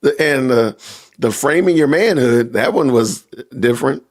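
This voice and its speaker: A man hosting a casual livestream podcast, reacting out loud and talking to his viewers as "y'all". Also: mid-range voice, expressive, a little slow. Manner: talks to chat with y'all, reacting loudly. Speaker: podcast host.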